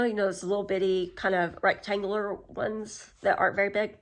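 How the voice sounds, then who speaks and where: A woman's voice: medium pitch, fairly bright tone. Chatty woman rambling through a recap. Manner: chatty, rambling, heavy use of "like" and "um". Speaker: film summary vlogger. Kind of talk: casual spoken film recap.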